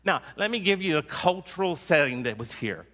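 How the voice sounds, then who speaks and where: Pastor guy preaching, bright forceful voice, chatty and teasing, big echoey church hall. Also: a little high, lively intonation, brisk. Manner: conversational, teasing the congregation. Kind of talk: sermon.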